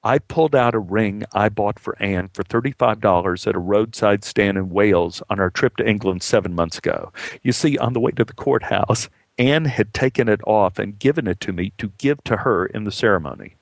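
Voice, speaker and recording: A man telling a personal story in a measured, heartfelt way, acting out the dialogue as he goes. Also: on the low side, gravelly, no echo, studio quality.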